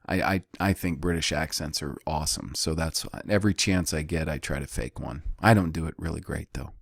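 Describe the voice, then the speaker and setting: A man teaching a Bible study in a deliberate way. He repeats key words and pauses between phrases. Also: a bass voice, creaky, breathy edge, no room sound, studio quality.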